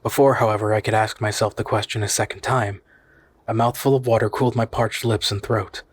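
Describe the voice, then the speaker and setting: A man reading a classic novel aloud in steady, measured narration. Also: lowish voice, husky, dry recording. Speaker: audiobook reader.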